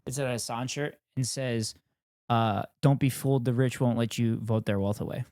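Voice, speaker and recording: A man's voice: medium pitch, moderate pace, no echo. Swearing male streamer, dry close mic. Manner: profane, animated and joking. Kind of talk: casual live-stream reaction.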